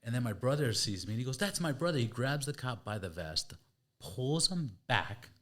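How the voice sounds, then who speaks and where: A man's voice: medium pitch, moderate pace. A man, the podcast host, casually telling a story and acting out voices and sounds. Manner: lively, acts out quoted voices and sounds.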